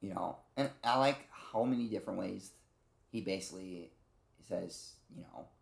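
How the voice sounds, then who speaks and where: A man with a low, vocal-fry voice rambles through a relaxed game review at a moderate pace, cursing freely and performing characters' quoted lines. There's noticeable reverb in the recording.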